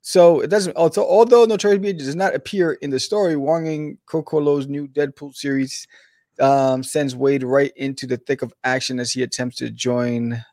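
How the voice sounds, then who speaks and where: A man's voice: medium pitch, steady tone, moderate pace, mellow, dry recording. Laid-back man in casual chat, dry sound. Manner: laid-back slang, many fillers. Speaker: podcast co-host, comic artist.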